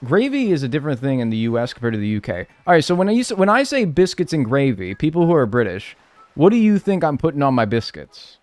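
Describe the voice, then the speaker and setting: An American man bantering with his live-stream chat as he plays. His pitch swings up and down a lot as he jokes, and he swears freely. His voice sits at a middle pitch. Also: sing-song, fast, a little mellow, no echo. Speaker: streamer playing a life-sim game.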